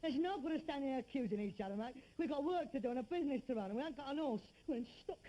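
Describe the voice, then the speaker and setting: A weary, sardonic middle-aged rag-and-bone man complains in a mellow voice that swoops from low grumbles to high outrage. The sitcom delivery is theatrical and self-pitying, with a faint hiss behind it. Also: expressive, very fast, lo-fi sound. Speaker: son in a sitcom. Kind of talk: 1960s studio sitcom acting.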